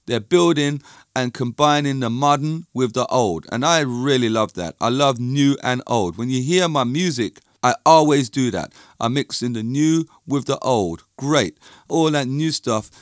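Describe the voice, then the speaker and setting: A middle-aged London man talks in a loose, opinionated monologue, wandering off on tangents before pulling himself back. His voice sits at an ordinary middle pitch, recorded dry and close with no room sound. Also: animated, unhurried, no echo. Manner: rambling, opinionated, digressive. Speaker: music and dance teacher. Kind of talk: casual monologue.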